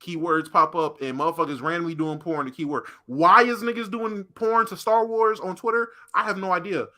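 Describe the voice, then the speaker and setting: A man's voice: sits high, fairly even intonation, a little fast, pushed and bright. A man co-hosting a podcast, ranting emphatically and swearing often in casual chat. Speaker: podcast co-host.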